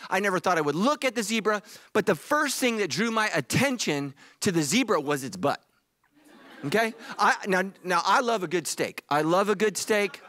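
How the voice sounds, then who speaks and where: A man's voice: high-pitched, sharp tone. A man preaching a sermon as pastor, emphatic and repetitive, mixing humor with earnest appeals. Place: church stage.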